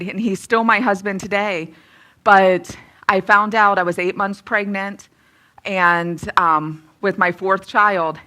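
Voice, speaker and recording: Bright-voiced woman in her thirties giving a testimony. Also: mid-range voice. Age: 30s. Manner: candid and self-deprecating, lively when retelling. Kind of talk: personal testimony and Bible teaching.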